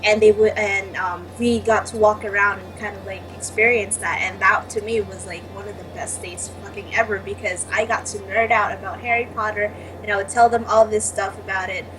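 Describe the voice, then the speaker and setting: A young woman guest in a casual chat, talking excitedly with many restarts and frequent swearing. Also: mid-range voice, background noise. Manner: halting, excitable, swears often. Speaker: panel guest.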